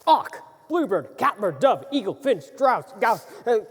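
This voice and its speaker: A woman's voice: a little high, a little slow, husky, exaggerated voice. A woman playing a playful court jester in a live stage musical, guessing aloud with many fillers. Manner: animated guessing, lots of oh's and ums. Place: theater stage. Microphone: far camera. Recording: reverberant theater.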